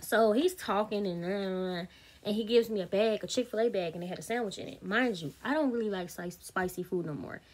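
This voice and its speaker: A woman's voice: mid-range voice, a little fast, darkish tone. A woman, telling a storytime vlog straight to her viewers, candid, blunt and swearing freely. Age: 30s. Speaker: vlogger.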